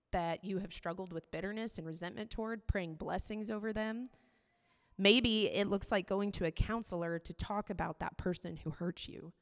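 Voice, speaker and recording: Woman preaching in a reverberant hall. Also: medium pitch. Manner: conversational, candid, many "like" fillers. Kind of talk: sermon.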